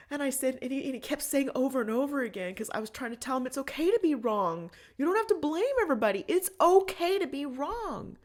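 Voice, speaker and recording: A woman hosts her own podcast and talks straight through a personal story. She is candid and emotional, sometimes rushing ahead and sometimes slowing right down. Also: on the high side. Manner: candid and emotional, with pace swinging between rushed and slow. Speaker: podcast host.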